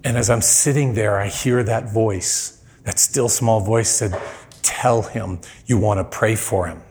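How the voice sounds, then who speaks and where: A man preaching, telling a personal story with lively acted-out quotes. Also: on the low side, unhurried. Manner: animated storyteller, acts out quoted lines. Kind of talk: sermon storytelling.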